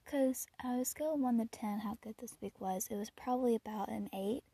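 A teenage girl rambles casually through her week, a little out of breath, with fillers and small laughs. Her voice sits fairly high but sounds mellow and slightly husky. The recording is dry and close. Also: fairly quick, no echo. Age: teens. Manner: rambling, chatty, with frequent fillers and soft laughs. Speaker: podcast host. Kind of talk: casual personal chat.

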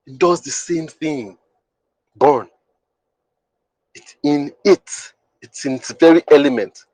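A man's voice: a little high, slow pace, darkish tone, no echo, low-quality recording. A man hosting a podcast who teaches in an emphatic, repetitive way and often asks the listener whether they understand. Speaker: podcast host. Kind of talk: teaching monologue.

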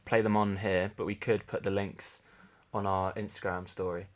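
A man's voice: sits low, level tone, moderate pace. A young man from England hosting a casual podcast, chatty with dry, wry humour. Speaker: podcast host. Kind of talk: casual chat.

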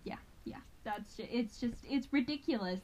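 A woman co-hosting a podcast who tells stories about her work as a prison officer in an animated, swearing way. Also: fairly high pitch, normal speed, low-quality recording. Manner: animated, swears freely, acts out quoted voices. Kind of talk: casual storytelling chat.

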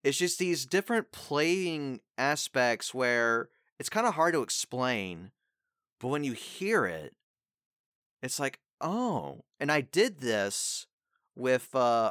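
A man talks shop about acting in a clear, resonant voice that swings lively up and down. He rambles loosely through his advice and sometimes breaks into short acted readings. The sound is dry and close, with no room around it. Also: medium pitch, measured pace, no echo. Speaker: voice actor. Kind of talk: casual chat.

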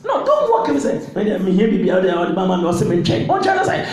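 A man preaching a call-and-response sermon, shouting and repeating phrases. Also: high voice, wildly swooping pitch, fast talker, crowd noise. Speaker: pastor. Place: large church hall. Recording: very echoey church hall.

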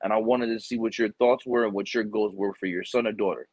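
Guy recruiter rambling through stories, bit husky, dry close sound. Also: lowish voice, fairly quick, dry recording, highs cut off. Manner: rambling, animated storytelling with quoted dialogue and swearing. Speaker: military recruiter. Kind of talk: casual chat.

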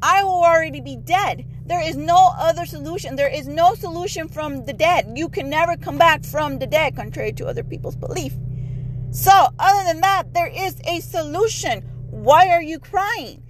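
Blunt high-voiced woman podcaster. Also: moderate pace, slight background noise, low-quality recording. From Mexico heritage. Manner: blunt, emphatic, mixes Spanish phrases. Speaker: podcast host. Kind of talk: casual podcast monologue.

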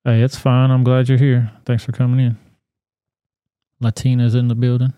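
A man hosting a podcast, commenting on a news video in a blunt, profane, animated rant. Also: medium pitch, moderate pace, clear, resonant tone, dry recording. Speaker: podcast host.

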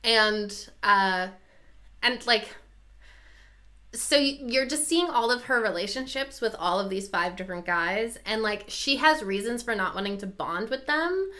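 Bright-voiced woman chatting eagerly. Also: mid-range voice, animated, a little slow. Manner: enthusiastic, lots of "like" and restarts. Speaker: podcast co-host. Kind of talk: casual chat.

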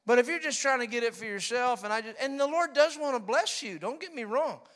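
A middle-aged male preacher giving a sermon, telling animated stories and mimicking people's laughter. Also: very high-pitched, brisk.

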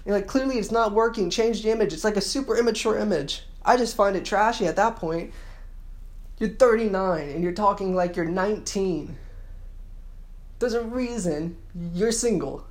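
A man's voice: sits high, normal speed. Annoyed man ranting sarcastically. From San Francisco Bay Area. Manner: mimics women in mocking voices. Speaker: vlogger. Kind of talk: casual ranting monologue.

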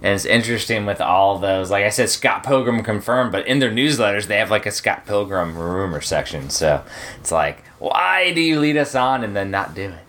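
Man, gaming podcast co-host, excitable, laughs a lot, very deep voice. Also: normal speed, slight background noise. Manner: enthusiastic, laughs often. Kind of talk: casual chat.

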